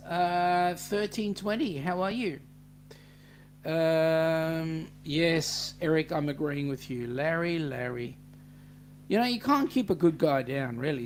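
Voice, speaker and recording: A man's voice: on the high side, a little hiss or hum. A man with an Australian accent hosting a casual livestream, reading out viewer comments and chatting with many fillers. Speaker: livestream host.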